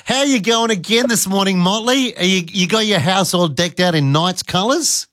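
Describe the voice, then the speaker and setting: A man's voice: high-pitched, normal speed, a bit bright, no echo, clean studio sound. A man hosting talkback radio, chatting with callers in a cheeky, jokey way. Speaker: radio host. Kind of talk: casual talkback radio chat.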